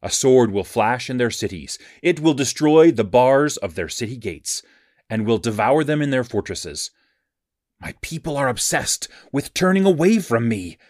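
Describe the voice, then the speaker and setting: A man reads scripture aloud in an even, measured cadence, with a middle-pitched voice. The recording is dry and close, with no room sound around him. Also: no room sound. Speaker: scripture reader. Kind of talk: scripted Bible reading.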